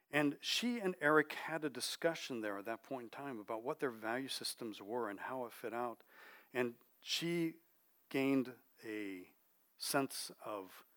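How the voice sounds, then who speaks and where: A middle-aged man preaching a conversational sermon, chatty and checking in with his listeners, dropping his voice softly for emphasis. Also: mid-range voice.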